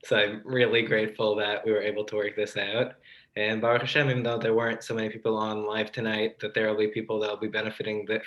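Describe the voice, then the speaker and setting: Low flat-voiced host giving thanks. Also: male voice, poor audio. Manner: grateful, halting with fillers. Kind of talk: closing thanks on a livestream.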